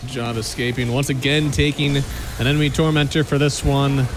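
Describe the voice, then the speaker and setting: A man giving quick, excitable live play-by-play commentary on an esports match, calmer when he analyses between fights. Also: medium pitch, background noise. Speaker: esports caster.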